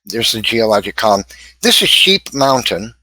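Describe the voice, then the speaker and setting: A man's voice: lowish voice, sing-song, normal speed, sharp tone, no room sound, poor audio. A man arguing his case in an online debate, walking through slides and asserting his points firmly. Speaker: young earth creationist debater. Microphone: video call audio.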